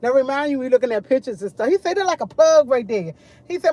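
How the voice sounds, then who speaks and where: Woman, middle-aged, slightly high voice, casual vlog chat, animated storyteller. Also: fast. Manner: animated, quotes others a lot. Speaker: vlogger.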